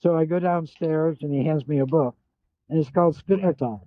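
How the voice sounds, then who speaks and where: An older man tells animated stories as a guest in a casual chat, quoting other people along the way. His voice sits a little high. The sound is dry and close but dull and lo-fi. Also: fairly quick, no room sound.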